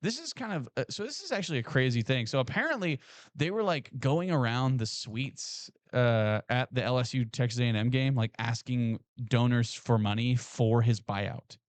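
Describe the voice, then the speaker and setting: A man co-hosting a sports podcast in casual, excitable talk with emphatic restarts. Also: medium pitch, normal speed, no echo.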